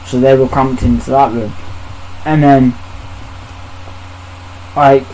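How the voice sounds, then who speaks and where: A man's voice: mid-range voice, steady tone, takes it slowly, darkish tone, a little hiss or hum, low-quality recording. A man on a podcast, telling a story in casual chat, bluntly and with heavy swearing while acting out the exchanges he quotes. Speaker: podcast host.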